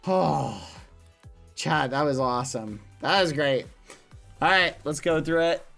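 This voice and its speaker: A male streamer gives live commentary on a game race. He talks to chat and cheers players on by name. His voice is bright and sharp, his steady talk unhurried, and he squeals high at each close call. Soft music plays behind him. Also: vocal fry. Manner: excitable, shrieks high when the game turns.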